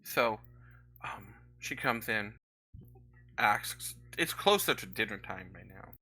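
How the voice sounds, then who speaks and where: A man's voice: fairly low pitch, animated, slow, sharp tone, breathy edge, no echo, rough recording. A young man running a tabletop game as dungeon master, hesitant with lots of fillers.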